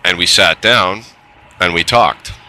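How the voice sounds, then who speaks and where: Deep-voiced man telling a candid story. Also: takes it slowly, pushed and bright, a little hiss or hum, rough recording. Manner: candid, plainspoken, mild swearing. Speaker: trades technician telling his story. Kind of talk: casual storytelling monologue.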